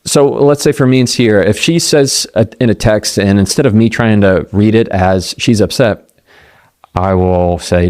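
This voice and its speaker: A middle-aged man gives a motivational talk on communication. He speaks conversationally, acts out quoted voices and slows down to land key points. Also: on the low side, a little mellow, clear, resonant tone. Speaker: communication coach.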